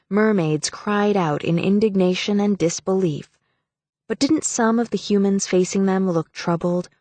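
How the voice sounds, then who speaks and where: A woman reading an audiobook as a measured, even narrator. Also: mid-range voice, no room sound. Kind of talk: scripted narration.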